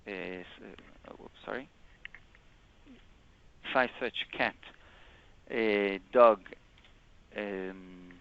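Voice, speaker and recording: A man presenting a live software demo in a webinar, explaining step by step and often correcting himself. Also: on the low side, gravelly, clear, resonant tone. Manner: halting, explains step by step with frequent self-corrections. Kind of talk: live screen-share product demo. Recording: dull lo-fi webinar audio.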